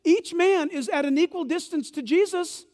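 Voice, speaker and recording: Male pastor, very high voice, lively sermon delivery, long church reverb. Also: normal speed. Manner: animated preaching, swings from loud bursts to hushed asides.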